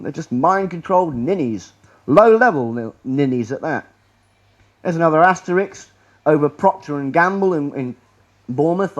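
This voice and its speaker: A man's voice: on the high side, dull audio. A man giving a rambling, sarcastic presentation to an audience in a lecture room, often restarting his sentences. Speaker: public speaker.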